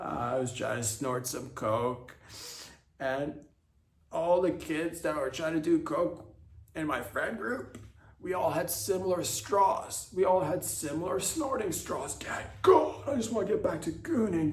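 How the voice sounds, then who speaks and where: Guy putting on a squeaky whiny teen boy, bratty and snotty, echoey room. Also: expressive, a little slow. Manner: whiny, petulant, shouting back. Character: whiny, bratty teenage boy, defiant son.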